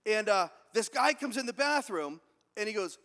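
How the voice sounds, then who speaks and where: A man delivers a high-energy motivational keynote from a stage. He acts out other people's voices and throws questions at the crowd. His voice is high and bright, and the hall adds a long echo behind it. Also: expressive, normal speed. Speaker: keynote speaker. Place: large event hall with audience. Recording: echoey hall.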